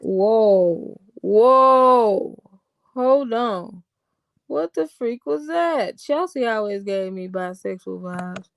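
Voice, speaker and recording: A woman's voice: fairly high pitch, lively intonation, extremely slow, vocal fry. A woman giving casual reaction commentary in a sarcastic, mocking tone, talking back at what she watches. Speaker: online commentator.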